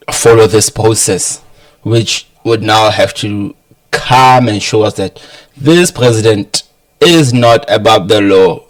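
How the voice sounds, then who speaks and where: A man giving casual, amused political commentary to his viewers. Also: on the low side. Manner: chatty, amused, chuckles between points.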